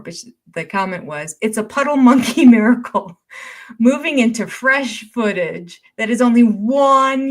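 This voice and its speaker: An older woman hosting a casual livestream, reading viewer comments aloud and often laughing as she goes. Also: mid-range voice. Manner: chatty, warm-hearted and easily amused.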